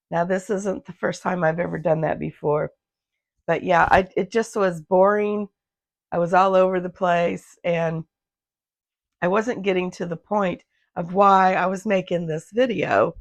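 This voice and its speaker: Hoarse, rambling woman sewing vlogger. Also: lowish voice, dry recording. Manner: rambling, loses her thread and restarts. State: hoarse, gravelly voice. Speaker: handmade business owner, vlogger. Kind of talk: casual chatty vlog. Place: home sewing room. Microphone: phone.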